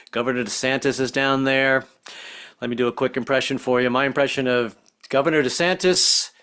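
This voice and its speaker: Fairly high and a bit bright, this man's voice carries a stand-up routine full of stammers and self-interruptions. He's from the American South and often shifts into put-on character voices.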